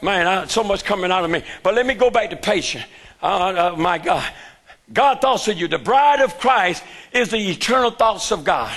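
High, gravelly older man preaching fervently. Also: lively intonation, normal speed. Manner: shouting, fervent, call-and-response preaching. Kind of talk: sermon. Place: church.

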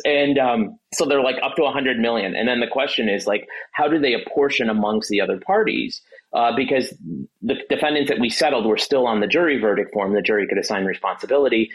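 A trial attorney speaking as a guest, his low voice a little husky. He talks in an emotional, halting way and stumbles through restarts and fillers. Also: rough recording. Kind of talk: casual interview talk.

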